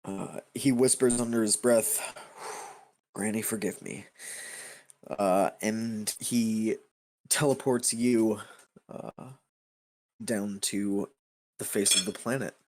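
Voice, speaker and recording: A man serves as game master, narrating a tabletop game at an unhurried crawl. His voice sits on the low side, and he leans on frequent ums and uhs. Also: steady tone, a little mellow. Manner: slow, halting narration with many fillers.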